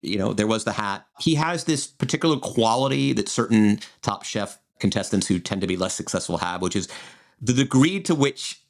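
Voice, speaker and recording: A man's voice: lowish voice, lively intonation, moderate pace, vocal fry. A man in his forties co-hosting a podcast, chatting in a digressive way with frequent restarts. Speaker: podcast co-host. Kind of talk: casual chat.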